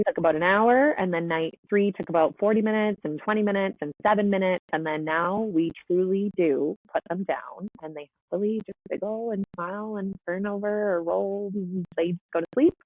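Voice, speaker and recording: A woman's voice: medium pitch, normal speed, hardly any pauses, no room sound. A woman, a podcast guest and mother of quadruplets, telling her story in a frank, chatty, emphatic way over a remote call. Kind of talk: casual storytelling interview. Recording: tinny phone-like line, dry.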